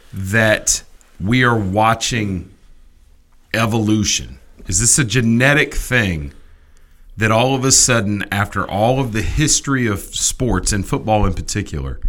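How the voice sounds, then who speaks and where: A man hosting a sports talk show, ranting in an animated, emphatic way with quick restarts. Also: on the low side.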